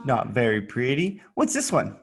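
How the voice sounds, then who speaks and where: With a husky mid-range voice that swings hugely in pitch at a normal speed, a man gives a child an online English lesson. He's patient and playful, repeating words for the child to echo and adding little sound effects as he shows pictures.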